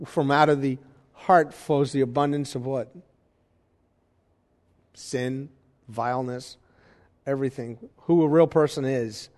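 A man's voice: mid-range voice, steady tone, a little slow, pauses often, darkish tone. A man preaching a Sunday sermon, teaching and questioning his congregation with emphasis. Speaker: pastor. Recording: long hall reverb.

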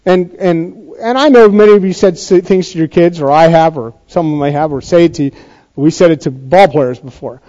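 High-voiced man preaching casually. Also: moderate pace, warm tone, lo-fi sound. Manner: conversational, chatty preaching with frequent restarts. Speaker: pastor. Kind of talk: sermon.

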